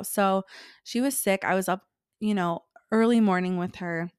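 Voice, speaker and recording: A young woman co-hosting a casual chat podcast, telling a story with lively acted-out reactions. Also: medium pitch, normal speed, clean tone, dry recording, clean studio sound. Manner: animated storytelling, acts out her own reactions. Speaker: podcast co-host.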